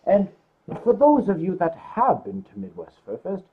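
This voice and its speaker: A man's voice: high voice, wildly swooping pitch, moderate pace, gravelly, full character voice. A man voicing an ancient male celestial dragon, a theatrical and wry storyteller on a live stream, heard over a call line. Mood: storytelling. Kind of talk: live stream banter in character. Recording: tinny phone-like call line.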